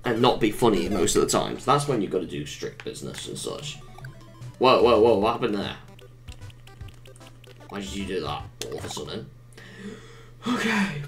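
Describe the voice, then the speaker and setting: A woman giving excitable, self-mocking commentary while playing a video game, often exclaiming at what happens on screen. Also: extremely low pitch, moderate pace, pauses often, music in the background. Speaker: gaming YouTuber. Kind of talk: let's-play commentary.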